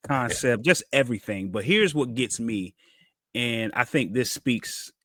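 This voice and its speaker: Guy, podcast co-host, mid pitch, dry close sound, lively storyteller. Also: unhurried, dry recording. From Cincinnati, USA. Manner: animated storytelling, acts out quotes. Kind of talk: casual chat.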